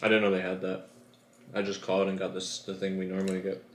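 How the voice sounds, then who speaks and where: Man, very deep voice, relaxed, brief replies, roomy echo with faint hiss. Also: fast. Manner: laid-back, short plain answers. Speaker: boyfriend. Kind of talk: casual chat.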